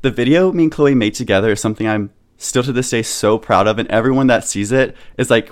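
A young man in his twenties co-hosting a podcast, chatting casually and excitedly, laughing often. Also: on the low side, fairly quick, smooth. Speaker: podcast co-host. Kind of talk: casual chat.

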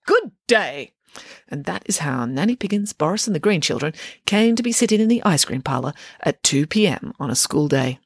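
A woman reading a children's storybook aloud with expressive, lively storytelling. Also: deep voice, fairly quick, vocal fry, slightly rough, no echo, clean studio sound. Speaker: narrator.

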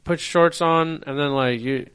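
A young man with a slightly high voice, joking crudely with friends on a podcast. He teases and needles the others, pressing them with follow-up questions. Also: moderate pace, fairly bright tone, clean tone. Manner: teasing, crude, puts on mock voices. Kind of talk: crude casual banter.

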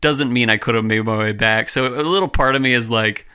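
A young man co-hosting a podcast, chatting in a relaxed, rambling way with lots of fillers. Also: medium pitch, fairly quick, clear, resonant tone. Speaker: podcast co-host. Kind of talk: casual chat.

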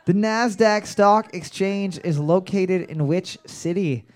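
A man's voice: sits high, slow. A man hosting live trivia at a bar into a handheld mic, brash and joking, swearing freely and bellowing his calls. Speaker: trivia quizmaster.

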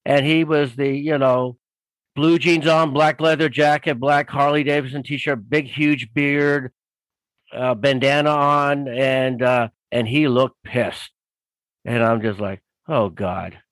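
A man spins a long anecdote as a guest author, rambling and full of fillers. His voice sits a little high and the sound is dry and close. He tells it in a loose, casual way. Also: no room sound, poor audio. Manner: rambling, animated storyteller with many fillers. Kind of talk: casual storytelling.

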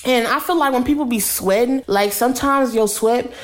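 A woman's voice: a little high, moderate pace. A woman hosting her own podcast, talking casually and candidly in a blunt, slangy, chatty way. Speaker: podcast host. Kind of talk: casual solo podcast monologue.

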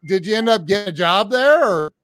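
A man's voice: high voice, animated, a little fast, a bit bright, no room sound, clean studio sound. A man hosting a podcast who reacts with short interjections and jokes with his guest. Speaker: podcast host. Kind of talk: casual interview.

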